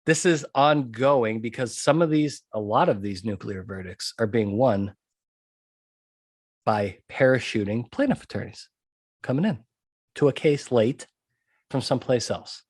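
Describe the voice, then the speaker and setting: A man's voice: medium pitch, measured pace, long pauses, darkish tone, no echo, studio quality. Emphatic man hosting a podcast. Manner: emphatic, repeats key points, asks "okay?". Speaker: podcast host and trial consultant. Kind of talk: podcast monologue.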